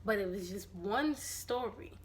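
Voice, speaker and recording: Woman, vlogger, raspy hoarse voice, casual animated chat, mid-pitched, slight hiss behind. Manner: chatty and animated, quick asides. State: hoarse from allergies.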